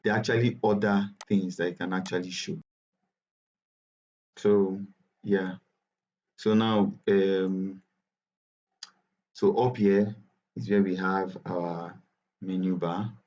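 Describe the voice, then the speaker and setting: Nigerian guy teaching over a call, lowish mellow voice, kinda muffled lo-fi audio, rambles and restarts. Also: fairly even intonation, slow pace, long pauses. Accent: Nigerian English. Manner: chatty, repetitive, self-correcting. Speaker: bootcamp instructor. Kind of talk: live online tutorial.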